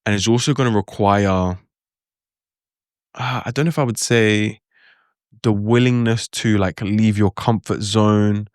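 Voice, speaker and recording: Brief: young guy, low voice, dry close sound, relaxed chatty tutor who thinks out loud. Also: a little slow, long pauses, clean tone, no room sound. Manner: chatty, many "like" fillers, reflective asides. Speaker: language teacher. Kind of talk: casual spoken lesson to camera.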